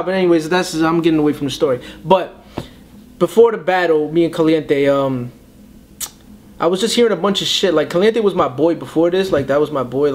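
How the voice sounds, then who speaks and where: A young man, fast and animated, recounting a story in a casual interview. His voice sits a bit high for a man, and he keeps putting on voices for the people in the story. Faint noise hums underneath. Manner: animated storyteller, slips into mimicking others' voices. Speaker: battle rapper.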